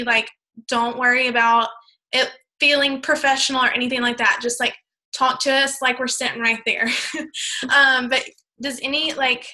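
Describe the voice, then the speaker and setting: A woman with a drawl hosts a video team call, friendly and easygoing. Her voice is fairly high and bright, with a sharp edge. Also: rough recording. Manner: friendly and relaxed, inviting others to speak. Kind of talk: casual chat.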